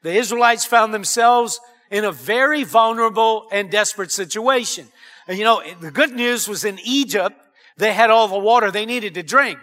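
A male pastor delivering an earnest, emphatic sermon. His voice is very high and bright with a sharp edge. He keeps building to louder exclamations.

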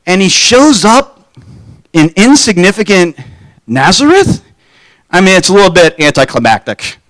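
A man giving a conversational sermon, relaxed and informal, asking his listeners rhetorical questions. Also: high voice, normal speed, dry recording. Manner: informal, poses rhetorical questions, acts out quoted voices. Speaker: preacher.

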